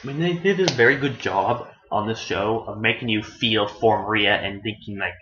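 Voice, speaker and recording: A man's voice: normal speed, pushed and bright. A man giving a casual, rambling anime review, often correcting himself and swearing as he goes. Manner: meandering, self-correcting, profane; acts out characters in shrill voices. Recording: echoey room, dull lo-fi sound.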